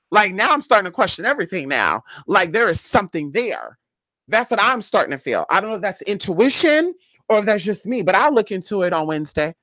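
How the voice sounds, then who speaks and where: A woman's voice: mid-range voice, fairly bright tone, dry recording. A woman who does paid spiritual casework, chatting bluntly and sassily with viewers on a live stream and calling them honey.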